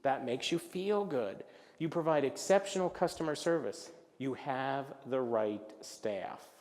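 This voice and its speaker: A man giving a business presentation at a luncheon, animated and jokey, acting out little voices as he talks. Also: medium pitch, a little slow, in a large hall. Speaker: luncheon speaker. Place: event hall.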